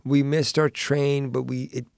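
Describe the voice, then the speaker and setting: A man hosting a podcast, chatting casually and telling animated stories where he acts out what people said. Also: mid-range voice, measured pace, gravelly, clear, resonant tone, no echo, studio quality. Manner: animated storyteller acting out quotes. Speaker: podcast host. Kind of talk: casual chat.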